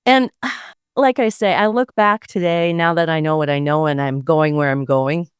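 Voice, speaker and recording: Smooth-voiced woman sharing spiritual reflections. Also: sits low, dry recording, clean studio sound. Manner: earnest, drawn-out storytelling with trailing restarts. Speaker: guest.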